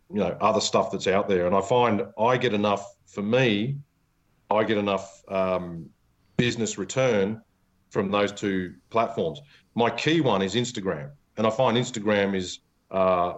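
A man's voice: fairly low pitch, lo-fi sound. A man hosting a casual podcast chat, rambling through his points and laughing often. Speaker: podcast host, knife maker.

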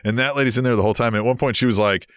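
A man co-hosting a podcast, telling old stories in a rambling, casual way and getting animated when he quotes people. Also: medium pitch, rapid-fire, dry recording, clean studio sound. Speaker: podcast co-host. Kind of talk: casual storytelling chat. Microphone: video call.

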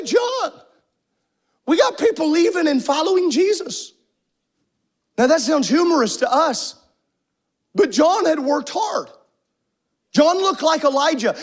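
Brief: male preacher in church, striking very high pitch, impassioned sermon that swells into shouts and sung phrases. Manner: emphatic, shouting, half-singing cadence. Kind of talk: fervent sermon.

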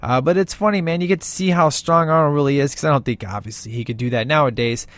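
A man's voice: a little high, fast, fairly bright tone, dry recording. Enthusiastic rambling man, dry sound. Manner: enthusiastic and rambling, acting out quoted lines. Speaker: movie reviewer. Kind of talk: casual movie commentary.

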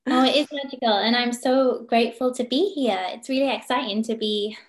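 A woman's voice: on the high side, fairly even intonation, brisk, roomy sound. A woman from northeast England, a yoga teacher chatting as a podcast guest over a video call. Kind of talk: casual interview chat. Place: home in Durham, on a video call.

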